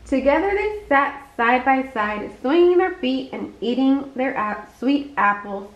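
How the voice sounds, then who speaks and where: A woman reading a bedtime story aloud in an expressive, unhurried way. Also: sits high. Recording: echoey muffled room.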